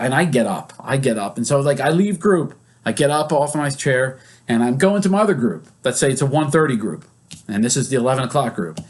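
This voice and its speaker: A male psychologist who leads therapy groups, teaching casually and acting out example scenes in quoted voices. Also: mid-range voice. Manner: conversational, with many fillers.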